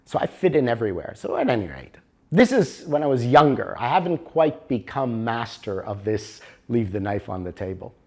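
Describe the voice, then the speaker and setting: A middle-aged man from Canada presenting a motivational workshop, telling a story in a lively way and acting out the dialogue. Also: mid-range voice, normal speed. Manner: animated storyteller, acts out dialogue.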